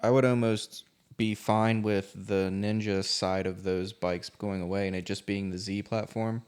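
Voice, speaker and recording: A man co-hosting a casual podcast chat, relaxed and talking through his own experiences. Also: fairly low pitch, measured pace, smooth. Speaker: podcast co-host.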